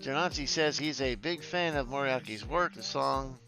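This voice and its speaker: A man streaming casually, chatty and quick to laugh, swearing freely and stumbling as he reads news and chat aloud. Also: medium pitch, music in the background.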